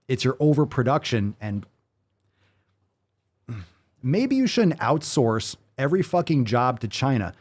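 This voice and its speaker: A man's voice: medium pitch, darkish tone. A male podcast host with a middle-range voice who rants bluntly and sarcastically, swearing freely as he goes. He speaks in a casual, off-the-cuff manner. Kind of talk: casual ranting commentary.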